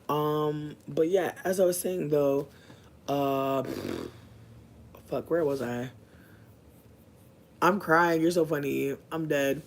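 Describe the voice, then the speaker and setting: A young man telling a personal story in a casual, profane, slangy way, swinging from low asides to loud, animated outbursts. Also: slow pace, pauses often, a little hiss or hum. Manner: breaks off to talk to passersby.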